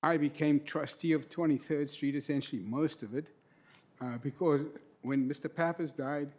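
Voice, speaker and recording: Middle-aged man, earnest public commenter at a podium mic, slightly high voice. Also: steady tone, moderate pace, a little mellow. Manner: earnest, emotional, detailed. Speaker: public commenter, trustee of local business property. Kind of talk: public comment at a county meeting. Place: county board meeting room.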